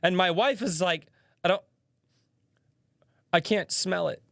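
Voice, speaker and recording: A man's voice: high-pitched, slow, creaky, a bit bright, no echo. Chatty man hosting a dry livestream. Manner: chatty storyteller, reads chat aloud. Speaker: livestream podcast host. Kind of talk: casual livestream chat.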